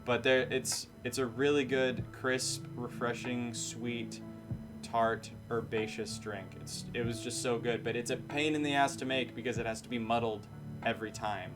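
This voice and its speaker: A man's voice: mid-range voice, fairly even intonation, moderate pace. Matter-of-fact man over music. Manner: matter-of-fact, falling inflections; rambling, self-correcting. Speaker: streamer and bartender. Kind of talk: casual live-stream chat. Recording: music playing behind.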